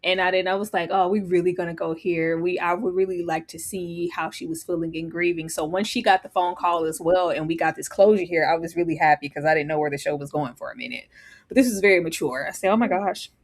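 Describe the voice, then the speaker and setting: A woman co-hosting a casual live recap chat, expressive and emphatic, often laughing as she talks. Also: lowish voice, fast talker. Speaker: co-host.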